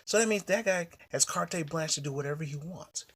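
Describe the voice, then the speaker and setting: A man recounting a personal story straight to camera, loose and rambling, with plenty of cursing and false starts. His voice sits a bit on the higher side for a man. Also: brisk, a bit bright, slightly rough. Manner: blunt and profane, rambling with restarts. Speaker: vlogger.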